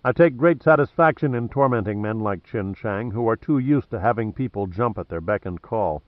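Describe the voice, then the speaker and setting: A man reading an audiobook plays a wry, cocky male adventurer who stays cool under threat, mocking and deliberate. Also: on the low side, animated, no echo, dull audio, close to an everyday voice.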